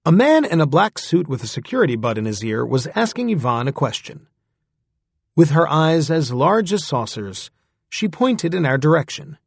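A man with a husky voice narrating a story in the first person, in a close, dry recording. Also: a little high, big pitch swings, moderate pace, no echo. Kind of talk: scripted audiobook narration.

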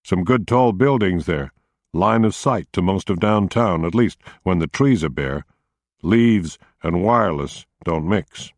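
A man's voice: deep voice, expressive, measured pace, dry recording, clean studio sound. A man doing an easygoing wry tinkerer. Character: wry male wireless tinkerer, calm under pressure.

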